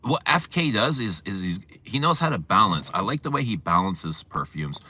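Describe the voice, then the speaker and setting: Deep-voiced bright chatty man. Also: normal speed. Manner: chatty, storytelling, animated retelling. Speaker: livestream host. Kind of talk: casual livestream chat.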